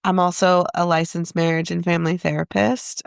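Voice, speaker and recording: A woman's voice: lowish voice, level tone, brisk, vocal fry, smooth, no echo, studio quality. A woman guest in an interview, a therapist, talking in a reflective, self-questioning way and laughing often. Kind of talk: casual interview conversation.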